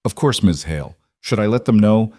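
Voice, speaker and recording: A man's voice: on the low side, lively intonation, fairly quick, dark tone, dry recording, studio quality. A man voicing a polite, careful female executive assistant who speaks formally and deferentially.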